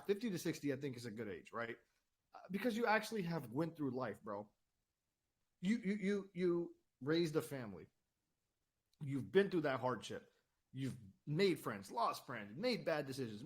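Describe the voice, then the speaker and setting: A man ranting heatedly on his own channel, swearing often, repeating words and asking "right?" again and again. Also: fairly high pitch. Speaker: channel host. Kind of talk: heated political rant.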